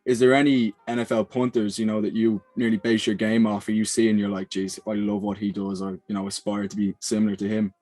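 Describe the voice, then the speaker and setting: A man's voice: on the low side, flat delivery, quick pace, few pauses, a little mellow, dry recording, faint music behind. A man hosting a casual sports interview, asking chatty, leading questions. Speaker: podcast host.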